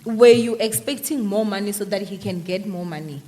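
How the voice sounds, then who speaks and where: A woman's voice: mid-range voice, moderate pace, dark tone, long reverb tail. A woman interviewer asking short prompting questions.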